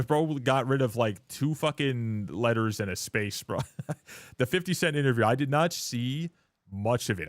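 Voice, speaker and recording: A man's voice: lowish voice, dry recording, clean studio sound. A young man streaming live, ranting to his chat in a blunt, profane way and mocking other people in put-on voices. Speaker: livestreamer.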